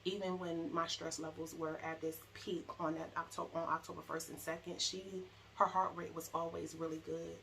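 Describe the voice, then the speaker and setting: A young woman telling her own story, halting and emotional, with many fillers and restarts. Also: low-pitched, flat delivery, gravelly, fairly bright tone, slight background noise, rough recording. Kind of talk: personal storytelling to camera.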